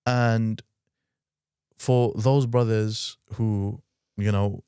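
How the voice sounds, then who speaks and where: Low-voiced male podcast host. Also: fairly even intonation, mellow, clear, resonant tone, dry recording, clean studio sound. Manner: measured, emphatic, backchannels often. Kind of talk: podcast discussion.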